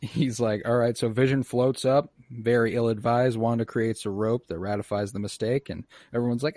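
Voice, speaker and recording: A man's voice: mid-range voice, steady tone, normal speed, hardly any pauses, warm tone, dry recording, studio quality. A man co-hosting a casual podcast, animatedly recapping a show and acting out the quotes with swearing. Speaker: podcast co-host. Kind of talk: casual pop-culture chat.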